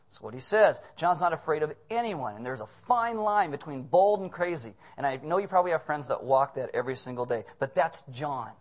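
A man preaching a comedic sermon as pastor, animated and full of casual asides and jokes. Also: on the high side, a little fast, hardly any pauses.

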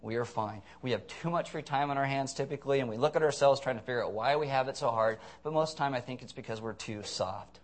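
A man's voice: mid-range voice, fast talker, few pauses. A man preaching a conversational sermon, earnest with blunt, sarcastic asides.

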